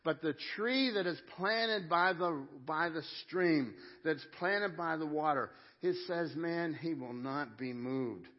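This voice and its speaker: Middle-aged male pastor, fairly high voice, lively conversational sermon, dull lo-fi recording. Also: takes it slowly, few pauses. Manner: conversational, emphatic, talks to congregation. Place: church sanctuary. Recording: dull lo-fi sound.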